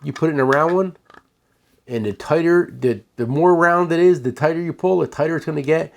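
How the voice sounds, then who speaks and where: A man's voice: fairly high pitch, fairly quick, vocal fry. A man who owns a tool shop, giving a casual, rambling sales demo of his products and often restarting his sentences. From United States.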